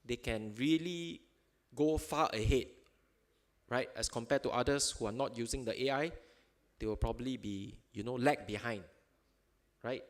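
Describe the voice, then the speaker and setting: A man's voice: medium pitch, normal speed, long pauses. A man speaking at a seminar in an auditorium, in loose, informal phrasing with fillers, ending his points with tag questions and chuckling at examples. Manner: chuckles while telling examples. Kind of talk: conference talk.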